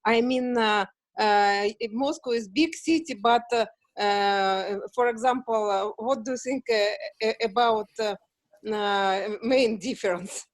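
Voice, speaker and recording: A woman student asking a question on a video call, halting with many uhs. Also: mid-range voice, no room sound, studio quality.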